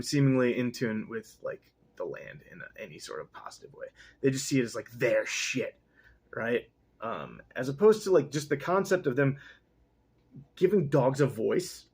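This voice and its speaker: Husky young man rambling through a reading. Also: medium pitch. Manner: rambling, profane, self-interrupting. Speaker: reader. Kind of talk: casual read-aloud with commentary.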